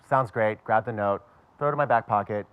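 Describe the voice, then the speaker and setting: A man's voice: fairly low pitch, brisk, clear, resonant tone, no echo, phone-quality sound. A man from Pittsburgh telling a personal story to a live audience with wry, self-mocking humor. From Pittsburgh, USA.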